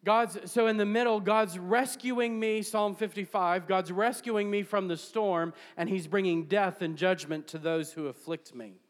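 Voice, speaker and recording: High-voiced preacher in a reverberant hall. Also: male voice, steady tone, a little slow, hardly any pauses. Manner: preaching with rising bursts of shouting; jokes and laughs with the congregation. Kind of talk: sermon.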